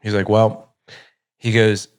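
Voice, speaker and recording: Slow and level in tone, a middle-aged man with a fairly low, clear, resonant voice tells a personal story on his podcast. His casual, candid telling is packed with "like" and acted-out dialogue. The sound is studio quality with no room noise.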